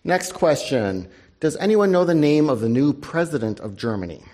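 A man moderating a panel and running a news quiz for an audience, brisk and wry, dropping his voice for asides. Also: fairly high pitch, very animated, darkish tone. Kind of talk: live panel event hosting.

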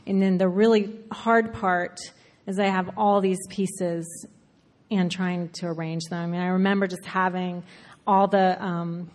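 A woman author from Alabama with a faint Southern accent, talking through her writing in a relaxed interview, full of fillers and quick laughs. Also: fairly low pitch. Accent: faint Southern American. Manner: chatty, frequent fillers and self-interruptions, laughs often. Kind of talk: conversational interview, thoughtful. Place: live event before an audience. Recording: reverberant hall.

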